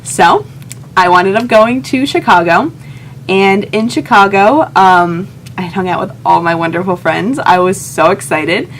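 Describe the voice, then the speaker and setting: A woman's voice: medium pitch, a little slow, slight background noise. A young woman telling a heartfelt personal story in a vlog, earnest and emotional, often quoting her own thoughts. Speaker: vlogger.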